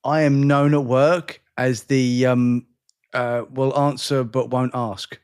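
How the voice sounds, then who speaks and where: A man's voice: mid-range voice, level tone, slow pace, a little mellow, clear, resonant tone. A tired English man with an accent between London and educated, chatting casually as podcast co-host, rambling and self-deprecating. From England. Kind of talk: casual chat.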